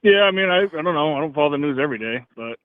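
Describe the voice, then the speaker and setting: Fast-talking caller on a dull, dry line. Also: male voice, on the high side, animated. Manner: confident, keeps pressing his point. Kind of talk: phone-in debate. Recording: dry, dull phone-call sound.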